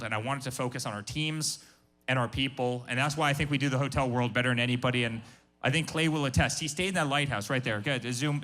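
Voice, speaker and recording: A man's voice: medium pitch, fairly bright tone. A man in his forties giving an emphatic business talk to a live workshop audience, repeating himself and restarting phrases often. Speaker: guest speaker.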